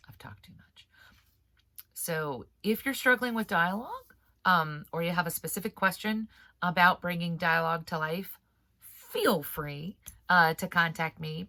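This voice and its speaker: A rambling, chatty woman giving writing advice in a relaxed vlog, laughing often between thoughts. Her voice sits low but has a bright, forceful edge. The sound is close and dry, and she's a bit stuffed up from allergies. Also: dry recording. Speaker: author and writing coach host.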